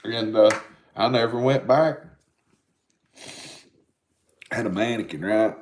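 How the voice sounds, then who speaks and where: A man's voice: on the low side, slow pace, a little mellow, a little hiss or hum. A man in his forties with an Appalachian accent, rambling and swearing in casual live-stream chat with his viewers. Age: 40s. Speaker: livestream host. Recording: roomy echo.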